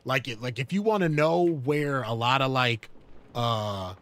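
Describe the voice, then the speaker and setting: A man's voice: medium pitch, unhurried, a bit bright, no echo. A man streaming a game live, chatting casually in a rambling, sidetracked way with many fillers. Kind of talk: casual gaming chat. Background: game music.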